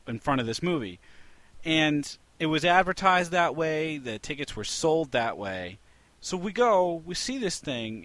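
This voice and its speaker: A man hosting a casual podcast, telling an animated story with lots of restarts. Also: fairly high pitch, no room sound. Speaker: podcast host.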